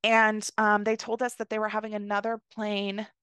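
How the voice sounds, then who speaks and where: A woman's voice: mid-range voice, monotone, moderate pace, fairly bright tone, smooth, no echo. A young woman from the United States hosting a podcast, telling a story in a casual, chatty way, filling her speech with "like" and "you know.". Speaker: podcast host.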